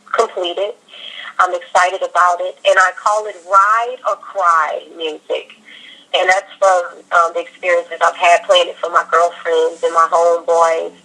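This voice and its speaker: A woman singer in a casual interview, talking in an upbeat, heartfelt way and telling lively stories. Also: fairly low pitch, moderate pace, poor audio.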